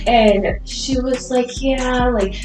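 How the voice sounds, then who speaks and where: Young woman vlogger, high voice, animated storyteller, echoey room, mic at a distance. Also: slow pace. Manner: animated, laughing, swearing, retelling a dream with acted-out quotes. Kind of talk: casual storytelling chat. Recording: echoey room, voice a bit far from the mic, music behind.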